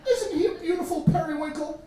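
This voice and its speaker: A man's voice: extremely high pitch, brisk, dark tone, pitched above the performer's own voice. Man putting on a squealing five-year-old girl. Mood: gushing. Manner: squealing, gushing. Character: excited little girl of five doting on her pet. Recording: echoey room from far off.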